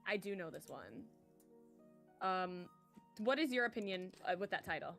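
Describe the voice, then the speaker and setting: A woman's voice: fairly low pitch, lively intonation, normal speed, vocal fry, fairly bright tone, soft background music. Chatty woman co-hosting a stream. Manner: chatty, jokey, runs the poll talk. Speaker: streamer co-host. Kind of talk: casual group chat on a livestream.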